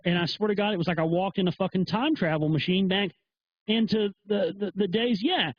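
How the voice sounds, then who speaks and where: A man's voice: high voice, lively intonation, moderate pace, muffled recording. A man hosting a live internet talk show, delivering a profane, emphatic, heated rant. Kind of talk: ranting monologue.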